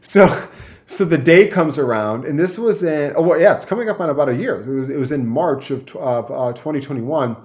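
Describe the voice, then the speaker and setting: A man's voice: fairly high pitch, a little fast, darkish tone. A young man from Michigan, a guest telling a story in casual chat, rambling with many fillers and restarts.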